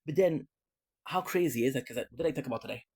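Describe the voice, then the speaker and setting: A man's voice: medium pitch, animated, fast talker, a little mellow, slightly rough. A man vlogging in a casual, rambling way, often restarting and repeating words. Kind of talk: casual rambling livestream talk.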